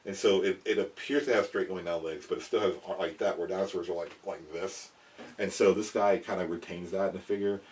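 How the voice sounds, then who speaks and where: A young man hosting a casual explainer vlog about prehistoric animal figures, rambling and animated, often cutting himself off and chuckling at his own asides. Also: low-pitched, fairly quick, recorded from a distance, slight background noise.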